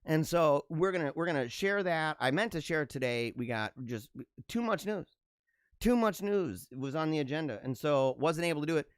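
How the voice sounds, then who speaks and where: A man's voice: on the high side, animated, normal speed, clean tone, no echo, studio quality. A man hosting his own talk show, reading jokes aloud and reacting with sarcastic, joking commentary and frequent laughter. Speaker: podcast host.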